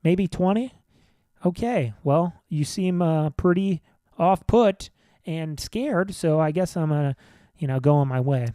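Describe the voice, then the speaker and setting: A man's voice: on the high side, measured pace, dark tone, no room sound, studio quality. A man hosting a casual solo podcast, rambling in an offhand, self-deprecating way from the back room of a comedy venue. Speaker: podcast host.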